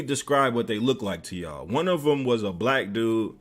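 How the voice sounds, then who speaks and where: Male streamer, casual storytelling, animated lively pitch, profane, filler-heavy. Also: fairly quick, hardly any pauses.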